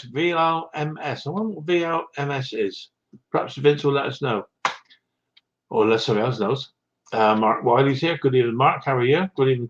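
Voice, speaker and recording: Here a medium-pitched man, recorded with the top end cut off, hosts a live stream and casually reads out viewer comments. He says hello to viewers by name, chuckling softly, and seems a little out of breath.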